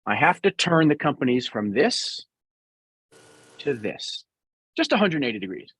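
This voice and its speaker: A man's voice: mid-range voice, sing-song, moderate pace, a bit bright, slightly rough, no echo. A middle-aged man with a New York accent, answering interview questions bluntly and sarcastically as a business guest.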